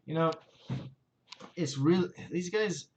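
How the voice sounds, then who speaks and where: A man's voice: a little high, slow pace, a little hiss or hum. A man in a casual vlog, reading viewer comments aloud and rambling through his replies with many fillers. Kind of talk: casual chat.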